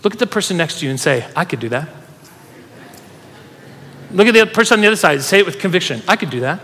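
A man with a high voice preaches in a large church hall, and a long reverb trails after his words. He tells stories with energy and urges the congregation to join in. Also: fast talker, a little hiss or hum. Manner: animated storytelling preacher, urging the congregation. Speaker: pastor. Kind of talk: sermon.

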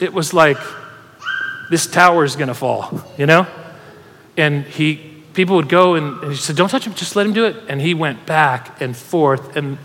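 A man preaching a sermon, telling a personal story in an animated way, laughing and getting emotional as he goes. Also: fairly high pitch. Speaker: pastor. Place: church hall with audience. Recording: reverberant hall.

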